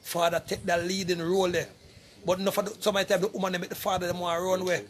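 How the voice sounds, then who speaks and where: A man's voice: high-pitched, little pitch movement, racing. A middle-aged Jamaican man speaking casually to camera, making an emphatic, repetitive appeal and calling out to people again and again. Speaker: vlogger appealing for donations.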